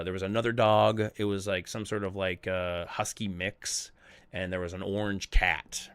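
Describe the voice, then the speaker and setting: Rambling, foul-mouthed male streamer. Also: lowish voice. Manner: rambling, swears freely, repeats himself. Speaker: streamer hosting a game server. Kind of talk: casual storytelling chat.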